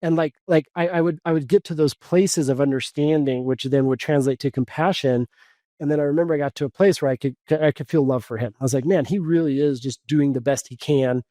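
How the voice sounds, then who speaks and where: A man, a coach and podcast guest, tells a personal story in a casual, animated way, full of fillers and restarts. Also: a little high, brisk, dry recording.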